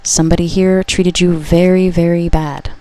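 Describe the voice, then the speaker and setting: A woman giving a pick-a-card tarot reading to her viewers. She talks conversationally, often checks in with a quick "okay?", and corrects herself as she goes. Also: lowish voice, level tone, warm tone, no echo. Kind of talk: pick-a-card collective reading, casual spoken.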